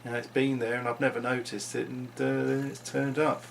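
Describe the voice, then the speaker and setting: A man with a gravelly, creaky voice muses through an unscripted vlog monologue. His pitch sits mid-range for a man, and he wanders from thought to thought, often restarting his sentences. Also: little pitch movement, normal speed, slight background noise. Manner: rambling, musing, with frequent restarts. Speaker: vlogger.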